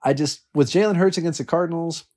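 A man hosting a casual fantasy football podcast, teasing his co-hosts in quick banter. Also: on the high side, darkish tone. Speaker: podcast host.

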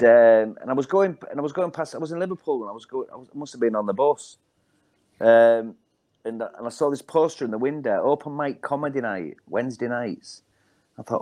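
A middle-aged man with a broad Hull accent spins a long comic anecdote, looping back on himself with plenty of ums and repeated starts. His voice sits at an ordinary middle pitch for a man, and he talks in a loose, chatty way. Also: darkish tone. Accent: Hull, Yorkshire. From Hull, England. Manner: rambling anecdotes with many ums and self-repeats. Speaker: stand-up comedian guest. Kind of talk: casual storytelling on a podcast.

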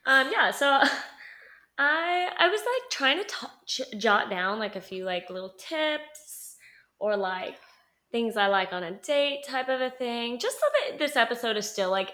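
A woman's voice: a little high, animated, a little slow, pushed and bright. A young woman co-hosting a podcast in casual chat, teasing and laughing with her friend. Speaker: podcast co-host.

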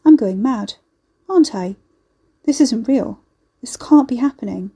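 A woman's voice: on the high side, very animated, brisk, warm tone, pitched above the performer's own voice. A woman voicing a rattled young woman who asks anxious, wary questions. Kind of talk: audiobook character voice.

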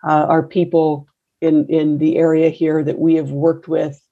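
In a relaxed interview, a middle-aged coffee roaster and business owner wanders wryly through her story, full of fillers and false starts. Her voice sits low, flat and a little slow, narrow in quality, and the recording is tinny.

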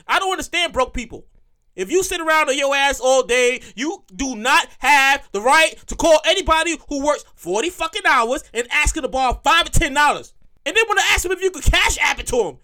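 A woman hosting a comedy podcast, ranting in a profane, animated monologue and repeating lines for emphasis. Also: high-pitched, fairly quick. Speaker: podcast host and comedic writer.

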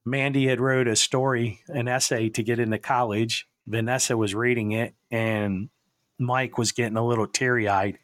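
A man's voice: mid-range voice, fairly even intonation, moderate pace, fairly bright tone, dry recording, clean studio sound. A man hosting a podcast, rambling through stories and chuckling as he goes. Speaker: podcast host. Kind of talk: casual chat.

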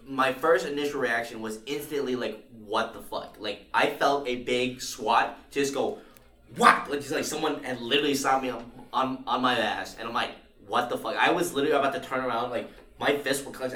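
A man's voice: medium pitch, fairly quick, distant mic. A young man co-hosting a casual podcast chat, rambling with lots of fillers and restarts and acting out the voices in his stories. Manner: rambling storyteller, many fillers and restarts, acts out voices excitedly. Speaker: podcast co-host. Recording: echoey room.

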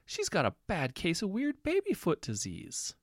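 Storybook woman, high and mocking, as a male narrator puts her on, blunt. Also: huge pitch swings, normal speed, no echo, clean studio sound, heavily acted. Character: skeptical teasing woman, blunt.

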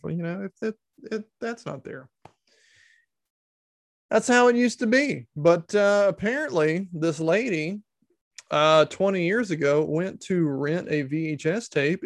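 A man's voice: on the high side, dry recording, clean studio sound. A man giving casual comedic commentary, sarcastic and incredulous, swearing freely.

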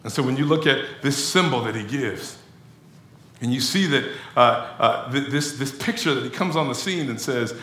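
Male pastor, lively chatty sermon delivery, roomy echoing hall, speaks to the congregation directly. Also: mid-range voice, normal speed. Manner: animated conversational preaching, addresses crowd as y'all.

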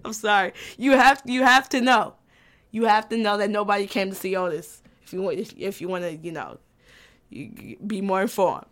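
A woman's voice: fairly high pitch, normal speed, gravelly. A woman in her twenties talking casually as a vlogger, loose and profane, often restarting her sentences. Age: 20s. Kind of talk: casual chat.

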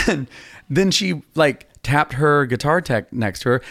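A man's voice: mid-range voice, very animated, unhurried, fairly bright tone, dry recording, studio quality. A man in his fifties, a songwriter hosting a podcast, telling long rambling stories in a casual, self-deprecating way. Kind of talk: casual storytelling chat.

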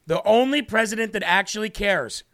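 A man's voice: high-pitched, expressive, normal speed, fairly bright tone. A man hosting a live stream, giving earnest, repetitive political commentary while tearing up. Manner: earnest, repetitive, tearful emphasis. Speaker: livestream host.

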